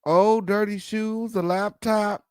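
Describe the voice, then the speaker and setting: Brash, foul-mouthed gossip host, dry sound. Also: male voice, sits high, fairly even intonation, takes it slowly, smooth, dry recording. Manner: brash, sassy, swearing, repeats "okay" and "period". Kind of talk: profane celebrity gossip commentary.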